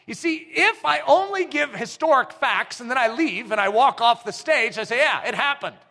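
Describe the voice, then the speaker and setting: Male pastor, high bright voice, emphatic sermon delivery that climbs to shouts, long church reverb. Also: expressive, normal speed, creaky. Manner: emphatic preaching that builds to shouts.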